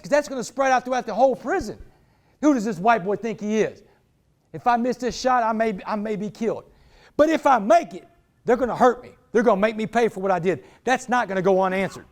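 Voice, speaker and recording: A man giving a motivational talk to a sports team, telling a story in an animated, street-talking way and calling listeners "man" and "y'all.". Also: very high-pitched, fairly quick. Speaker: motivational speaker. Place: indoors, speaking to a football team.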